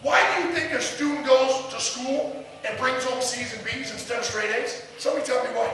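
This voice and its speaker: Middle-aged man, football coach firing questions at his team; high, sharp voice in a roomy hall far from the mic. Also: steady tone, fairly quick, gravelly. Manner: intense, preaching, repeated challenging questions. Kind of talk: motivational team speech. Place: large echoey room with the team. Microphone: far camera. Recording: echoey hall recorded from far off.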